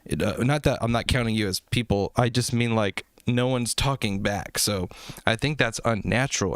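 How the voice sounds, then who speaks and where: A man's voice: lowish voice, dry recording, studio quality. Chatty man hosting a music review stream. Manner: rambling, profane, self-deprecating, chatty with viewers. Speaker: music review livestream host. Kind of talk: casual livestream chat.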